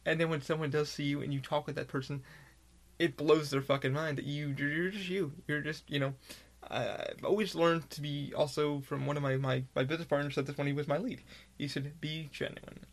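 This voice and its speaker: Gravelly, candid man ranting casually. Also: fairly high pitch. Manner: candid, rambling, heavy swearing. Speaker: podcast host. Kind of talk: casual monologue.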